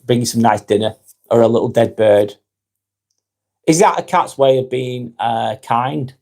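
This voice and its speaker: Gentle Lancashire man hosting a live stream. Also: medium pitch, steady tone, a little slow, gravelly. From Northwest England. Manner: gentle, reflective, chuckles while reading comments. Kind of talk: live-stream chat reading viewer comments.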